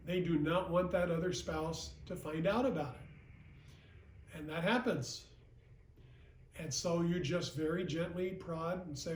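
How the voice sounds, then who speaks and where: Man, sales trainer, plain-spoken, repeats himself, fairly high voice, echoey room, distant mic. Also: fairly even intonation, slow pace, long pauses, slight background noise. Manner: plain-spoken, repeats points, often asks "okay?". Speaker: sales trainer and regional vice president. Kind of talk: recorded sales training talk.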